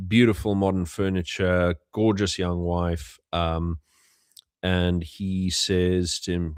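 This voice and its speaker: A man's voice: deep voice, little pitch movement, takes it slowly, clear, resonant tone, dry recording, clean studio sound. A young man from South Africa, hosting a casual livestream and telling stories with many fillers and restarts. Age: young adult. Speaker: host.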